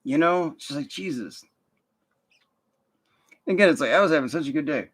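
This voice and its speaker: A man's voice: fairly high pitch, lively intonation, normal speed. A young man telling a work story in a casual, profane, rambling rant full of fillers and restarts. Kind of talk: casual ranting monologue.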